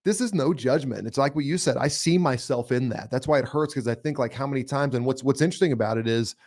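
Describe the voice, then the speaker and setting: A man in his forties with a middle-pitched voice hosts a podcast. He talks earnestly and reflectively, and between his stories he chimes in with brief agreement. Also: fast, darkish tone. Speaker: podcast host. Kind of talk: casual conversation.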